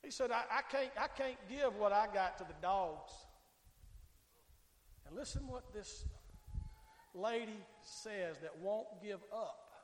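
A male pastor preaching a fiery sermon, swinging between shouting and hushed tones and calling out to the congregation. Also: high voice, expressive, slow, pauses often. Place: church sanctuary. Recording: echoey church hall with long reverb.

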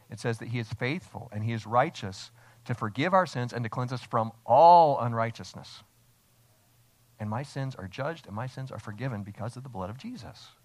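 A man preaching an expository sermon as a pastor, speaking with emphasis and asking his congregation rhetorical questions. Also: medium pitch. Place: church, streamed online.

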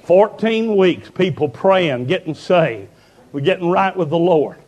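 A preacher delivers a fervent revival sermon in a fairly high voice. He tells stories with growing intensity and often rises to full shouts. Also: lively intonation, measured pace. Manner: fervent storytelling, building to shouts.

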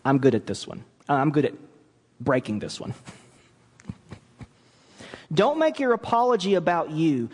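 A man preaching a sermon as pastor, lively and animated, acting out quoted apologies as he teaches. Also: on the high side, unhurried, long pauses, breathy edge, long reverb tail. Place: church sanctuary.

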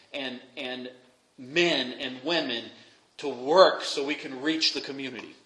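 A young man preaching a sermon as pastor, dropping to quiet asides and rising to loud, emphatic peaks. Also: fairly high pitch. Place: church sanctuary. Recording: echoey room, faint noise.

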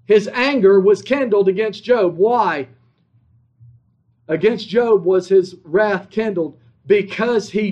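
A man preaching an earnest sermon, reading scripture verse by verse and swinging from loud emphatic declarations to hushed, low phrases. It is a dull lo-fi sermon recording. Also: slow.

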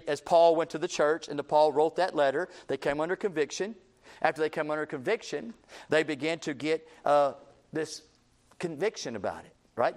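A male pastor delivers a sermon, swinging from loud, high-pitched outbursts to quiet, low asides. He acts out the voices of the people he quotes, including sinners.

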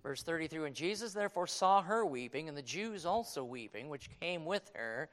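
A man preaching a sermon, quoting scripture and swinging from hushed tones to shouting. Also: fairly high pitch, expressive, moderate pace. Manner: quotes King James scripture.

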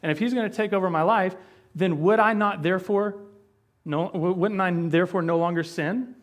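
A man's voice: high-pitched, moderate pace. A man pastor teaching Bible doctrine in a conversational way, with many fillers and restarts as he explains.

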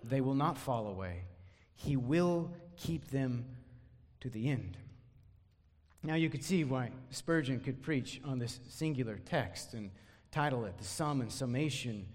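A man's voice: mid-range voice, lively intonation, measured pace, in a large hall. A man preaching an expository sermon, emphatic, often repeating words as he drives a point home.

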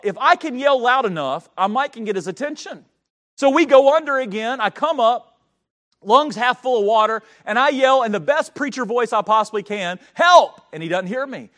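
A middle-aged man preaching, telling a story with big swings from shouting to hushed tones. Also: high voice. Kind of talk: sermon storytelling.

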